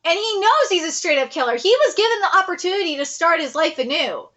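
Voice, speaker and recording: A young woman gives live reaction commentary on a manga chapter in a casual, slangy way. Her voice sits very high and has a bright, sharp edge. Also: animated, quick pace, dull audio. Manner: casual and chatty, full of slang and fillers.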